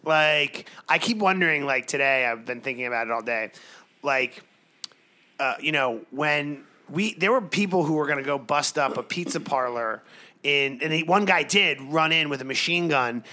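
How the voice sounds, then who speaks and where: A man co-hosting a podcast, chatting casually and profanely, animated and laughing often. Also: on the high side, moderate pace. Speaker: podcast co-host.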